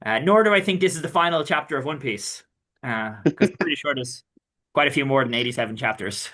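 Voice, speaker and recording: A man's voice: medium pitch, animated, fast talker, bright, forceful tone. A man co-hosting a casual podcast, playful and bantering as he reads a comic aloud. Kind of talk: casual chat.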